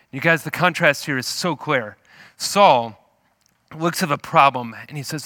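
A man preaching a sermon, retelling a scripture story in an animated, storytelling way. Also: a little high, measured pace, dry recording, clean studio sound. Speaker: pastor.

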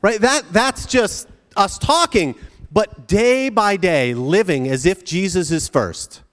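A pastor preaching to students in a chatty way, often checking in with the crowd by asking "right?". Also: male voice, high-pitched, animated, slow, fairly bright tone, in a large hall. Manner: conversational, frequent tag questions. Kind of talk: sermon to students.

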